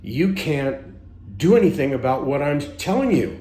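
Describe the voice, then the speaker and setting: A man voicing his own ego as a soft, slow, probing teenager. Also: fairly high pitch, very animated, echoey room.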